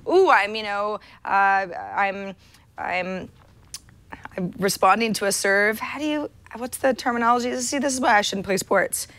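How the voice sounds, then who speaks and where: A woman's voice: medium pitch, normal speed, fairly bright tone, no echo. A woman co-hosting a tech talk show in casual chat, self-deprecating and chatty, often restarting her sentences. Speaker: podcast co-host.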